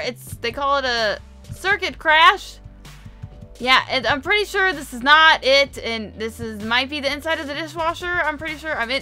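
Excitable high-voiced woman gamer. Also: smooth. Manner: excitable, chatty, quick to gasp and exclaim. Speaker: gamer, video host. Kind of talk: casual gameplay commentary.

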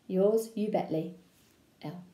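Woman teacher reading a storybook to pupils, expressive and playful, mellow voice, echoey classroom. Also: mid-range voice, slow, slight background noise. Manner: expressive read-aloud with childlike letter voice. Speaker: primary school teacher. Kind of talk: reading a children's book aloud.

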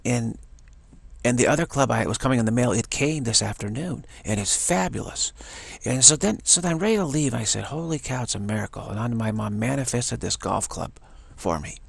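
A man's voice: medium pitch, vocal fry, husky, no room sound. A man telling a rambling, enthusiastic story in a casual monologue, often restarting his sentences.

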